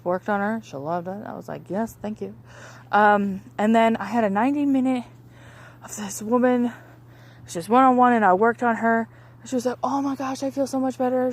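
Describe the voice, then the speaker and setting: A young woman, a massage therapist, casually chatting about her week with lots of fillers and restarts. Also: medium pitch. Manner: rambling, many fillers and restarts. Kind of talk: casual chat.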